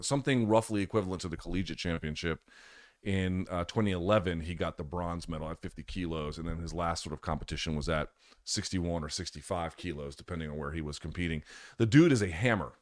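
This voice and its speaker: A man's voice: low-pitched, no echo, studio quality. A man hosting a live chat podcast, giving casual fight picks in a rambling way, correcting himself and swearing offhandedly. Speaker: podcast host.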